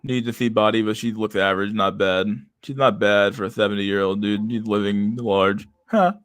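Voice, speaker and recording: Dude streaming, reading comments, stammers and rambles, dry close sound. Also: male voice, lowish voice, fairly even intonation, moderate pace, a bit bright, clean tone, no room sound. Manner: rambling, stammering, laughs a lot.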